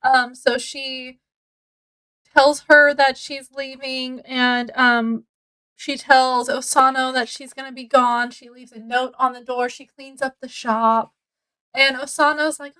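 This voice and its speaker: A woman with a high voice talks through a book she has read in a relaxed, unhurried way. She is chatty and laughs a lot as she retells it. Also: poor audio. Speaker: book reviewer. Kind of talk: casual chat.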